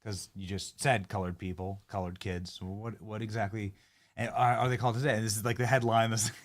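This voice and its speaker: A man's voice: fairly low pitch, little pitch movement, moderate pace. A man hosting a political commentary show, sarcastic and mocking as he reacts to clips. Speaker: host.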